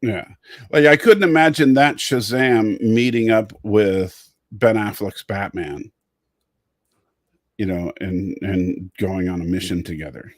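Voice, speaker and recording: A man's voice: on the low side, slow pace, no echo, clean studio sound. A man hosting a casual livestream chat, rambling, repeating words and reading out viewer comments. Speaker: show host.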